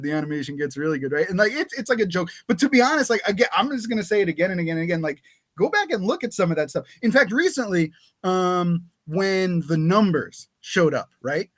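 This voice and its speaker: A man's voice: sits high, animated, fairly quick. A man co-hosting a podcast, speaking about anime with eager, emphatic enthusiasm. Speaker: podcast co-host working on the anime. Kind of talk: casual chat about anime.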